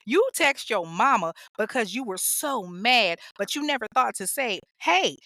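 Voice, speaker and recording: A woman's voice: fairly high pitch, sharp tone, no echo, clean studio sound. A woman hosting a true crime podcast, ranting bluntly and scolding with heavy profanity. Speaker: podcast host.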